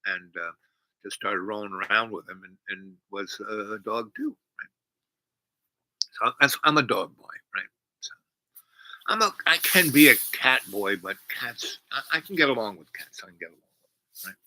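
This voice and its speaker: A man's voice: on the low side, expressive, moderate pace, pauses often, sharp tone, rough recording. A man hosting a long stream, telling a meandering story full of asides and restarts. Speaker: livestream host. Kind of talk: rambling storytelling.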